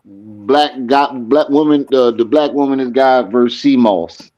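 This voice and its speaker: A man's voice: medium pitch, unhurried, a little mellow. A man on a livestream panel, chatting in loose, slangy banter. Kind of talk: casual online chat. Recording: dull lo-fi call audio.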